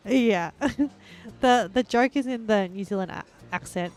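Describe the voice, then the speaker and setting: A woman's voice: fairly high pitch, expressive, takes it slowly, a little mellow. A woman chatting casually and giggling often while she streams a video game and talks to her chat. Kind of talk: casual livestream commentary.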